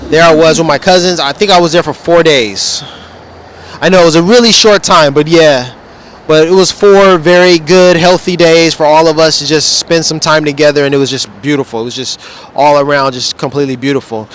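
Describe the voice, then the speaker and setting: A man's voice: on the high side, steady tone, fairly quick. A man talking casually in a rambling, laid-back way with slang, vlogging outdoors. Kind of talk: casual vlog. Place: outdoors beside a wall display.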